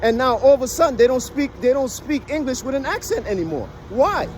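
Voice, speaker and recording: Speaking briskly and animatedly in a very high, slightly mellow voice, a US vlogger argues a point to his viewers in a casual talking-to-camera monologue. He's emphatic and persuasive, constantly tossing in a questioning "right?", with slight background noise.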